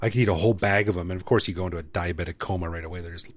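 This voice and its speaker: Fast-talking jokey podcast co-host, man. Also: deep voice. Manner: jokey, animated. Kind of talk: casual chat. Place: living in Bangkok.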